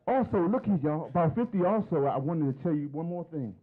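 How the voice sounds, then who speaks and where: Stand-up comic, man in his fifties, animated delivery, tinny lo-fi audio. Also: a little high, a little fast, few pauses. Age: 50s. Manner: chatty, teasing the crowd with questions. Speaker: stand-up comedian. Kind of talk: stand-up comedy set. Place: stage at a comedy show.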